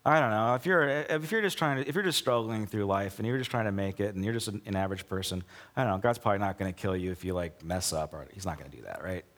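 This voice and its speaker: A male pastor preaching a conversational sermon with sarcastic asides, acting out quoted lines in a lower, softer voice. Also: fast talker, big-room sound.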